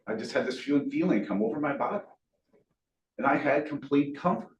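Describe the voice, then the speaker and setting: A man tells a harrowing survival story to a room full of colleagues, earnest and animated, with a folksy, joking streak. He sits at a moderate pitch and is picked up from across an echoey meeting room. Faint hiss runs underneath. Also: a little fast, distant mic, muffled recording. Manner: earnest, animated, folksy with self-deprecating humor. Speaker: guest speaker. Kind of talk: motivational storytelling talk.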